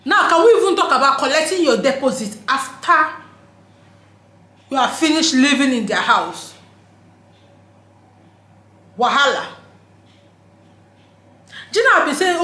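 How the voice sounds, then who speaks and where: A woman's voice: sits high, big pitch swings, moderate pace, long pauses, bright, forceful tone. A woman from Nigeria with a Nigerian accent, vlogging in a casual, emphatic monologue, laughing often and slipping into pidgin phrases. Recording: roomy echo.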